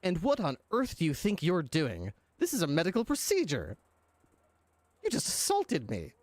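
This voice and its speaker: A man's voice: mid-range voice, animated, moderate pace, darkish tone, no echo, close to an everyday voice. Man doing a huffy clown doctor. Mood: indignant. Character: indignant clown doctor, fussy and easily offended.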